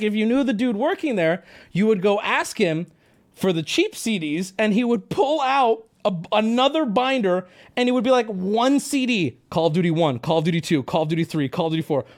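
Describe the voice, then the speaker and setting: Young male streamer, high and lively voice, casual rambling storyteller. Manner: animated, rambling, swears freely, talks to chat.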